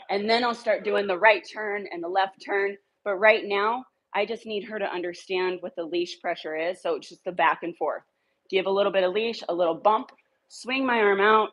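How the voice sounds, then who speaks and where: A woman's voice: medium pitch, fairly even intonation, normal speed, a bit bright, highs cut off. A woman dog trainer giving a casual walk-through while coaching dogs on a leash, with upbeat coaxing praise. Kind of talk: casual training demo, talking to camera and dogs.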